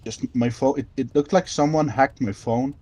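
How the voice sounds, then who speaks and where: A man's voice: mid-range voice, moderate pace, dark tone, no room sound. A man in a casual group discussion, explaining with some hesitation. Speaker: panelist.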